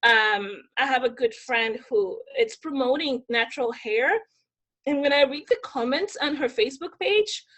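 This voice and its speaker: A young woman from the Dominican Republic with a high voice tells her stories in a casual podcast interview. She is animated and slips into the voices of the people she quotes. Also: normal speed. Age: young adult. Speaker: podcast guest.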